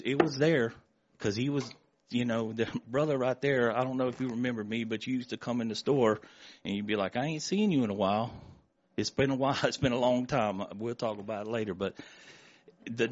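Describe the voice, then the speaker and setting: Before a congregation, a middle-aged church member from Florida gives an emotional, halting testimony. His medium-pitched voice keeps repeating words and restarting sentences, and the audio sounds dull.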